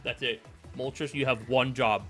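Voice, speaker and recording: A young man commenting on his own online game battle in a casual play-by-play, with fillers, often erupting into loud, frustrated yelling. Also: medium pitch, steady tone, unhurried, soft background music. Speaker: gaming YouTuber.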